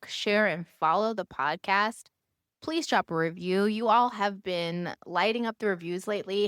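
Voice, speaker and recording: A woman's voice: medium pitch, a bit bright, clear, resonant tone, dry recording, studio quality. A woman hosting a podcast, upbeat and encouraging, wrapping up an interview and chatting to listeners. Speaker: podcast host.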